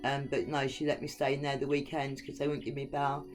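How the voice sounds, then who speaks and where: A woman's voice: rumbling low, level tone, fairly quick, music in the background. A woman from Western Australia giving a rambling scripture reading and commentary as a Bible teacher, digressing often and chatting with lots of ums.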